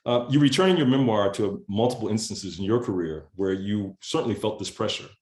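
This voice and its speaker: A man who is a university dean, asking formal, measured interview questions over a video call. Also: fairly low pitch, lively intonation, a little mellow. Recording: roomy echo on a video call.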